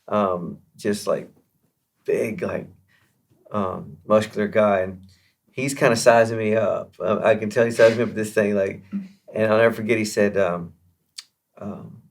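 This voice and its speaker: A man being interviewed as a guest musician, telling a long story in a chatty, animated way with many fillers and restarts. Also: lowish voice, measured pace, vocal fry, long pauses.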